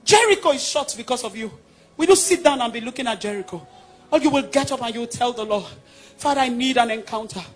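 With an extremely high, animated voice and rapid delivery, a Nigerian man preaches in his Nigerian accent, moving emphatically from loud declarations to hushed moments as soft music plays behind him.

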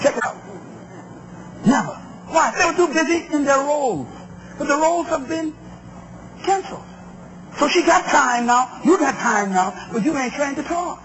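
Emphatic preacher, male, very high pitch, muffled recording with noise. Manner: emphatic, call-and-response with the crowd. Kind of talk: sermon on relationships.

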